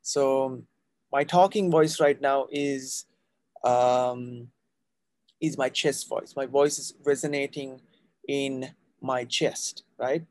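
A man's voice: mid-range voice, fairly even intonation, takes it slowly, a little mellow, no room sound. A man teaching a live voice class, explaining patiently and often checking in with his students. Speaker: voice coach.

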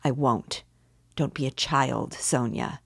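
Brief: defiant young male killer in a storybook reading, voiced by a woman reader, low and unhurried. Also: gravelly, breathy edge, no echo, heavily acted. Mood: bitter. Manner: anguished, bitter pleading. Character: tormented young male murderer, bitter and defiant.

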